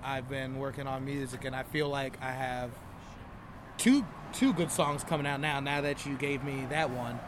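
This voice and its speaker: A young man and stand-up comedian in a casual, reflective chat with a friend. He talks openly and grows lively when acting out stories. Faint street and traffic noise sits behind him outdoors. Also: medium pitch, moderate pace.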